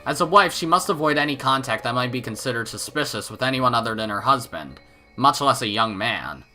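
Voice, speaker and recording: A man reading a visual novel aloud in an expressive, animated way. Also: medium pitch, fairly quick, faint music behind. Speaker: let's play narrator.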